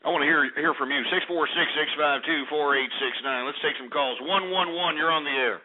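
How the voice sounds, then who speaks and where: A man's voice: fairly high pitch, a little fast, hardly any pauses. A man hosting a call-in radio show, brash and profane, ranting with lots of fillers. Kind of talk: call-in talk radio rant. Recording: tinny phone-quality broadcast audio.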